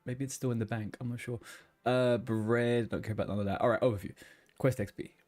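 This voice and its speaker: A man's voice: mid-range voice, fairly even intonation, a little fast, darkish tone, faint music behind. A man streaming a game, chatting casually and rambling between tasks, swearing now and then. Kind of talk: casual gaming chat.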